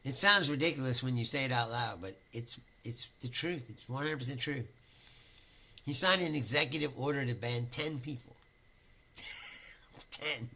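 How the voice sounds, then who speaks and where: A man's voice: medium pitch, moderate pace, pauses often, bright, forceful tone. A man hosting his own talk show, telling a story in a loose, swearing monologue and laughing at his own jokes. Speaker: podcast host.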